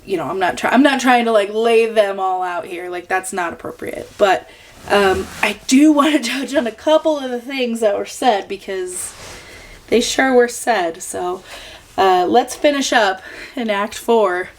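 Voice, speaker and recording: A woman's voice: on the high side, unhurried. A woman hosting a reaction commentary video, exasperated, sarcastic and full of profanity.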